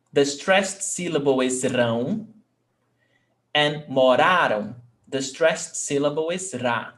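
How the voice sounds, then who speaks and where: A man teaching an online language class. His voice sits a little high for a man, and he speaks in an unhurried, deliberate way. He breaks his explanations with frequent check-ins to make sure his students are following. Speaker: Portuguese teacher.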